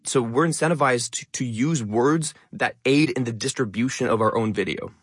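A young man talking fast and stressing many words as a content creator guest in an interview. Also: mid-range voice, breathy edge, no room sound, studio quality. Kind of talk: interview conversation.

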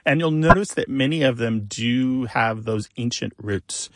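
Man, radio co-host, explanatory, gravelly voice, dry close mic. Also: medium pitch, unhurried, dry recording. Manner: explanatory, relaxed, with fillers. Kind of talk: call-in radio chat about word origins.

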